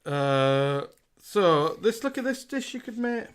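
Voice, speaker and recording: A man's voice: high voice, sing-song, takes it slowly, clear, resonant tone. A man hosting a casual live stream, chatty and giggly as he reads out thank-yous. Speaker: host.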